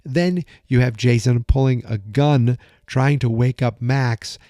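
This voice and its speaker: A man's voice: mid-range voice, fairly even intonation, slow, mellow, dry recording, clean studio sound. A man hosting a podcast, recapping an episode in a casual, chatty way with fillers and restarts, sometimes acting out quoted lines. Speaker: podcast host.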